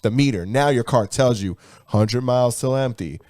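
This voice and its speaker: A man's voice: mid-range voice, moderate pace, a little mellow, dry recording. A man with a mid-range voice talks easily and often laughs, pushing his point in a loose, swearing way. His voice sits close and dry on the mic. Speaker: podcast co-host. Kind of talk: casual chat.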